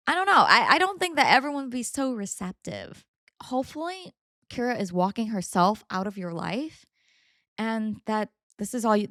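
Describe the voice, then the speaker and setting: Animated woman reading stories with commentary. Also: fairly high pitch, no echo, studio quality. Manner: animated, indignant, dramatic asides. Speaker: podcast co-host reading stories. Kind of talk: casual story reading and commentary.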